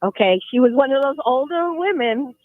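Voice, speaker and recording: A woman's voice: high voice, lively intonation, normal speed, dry recording. A woman calling into a radio show, earnestly telling a true story. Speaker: caller. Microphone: phone. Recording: tinny phone line.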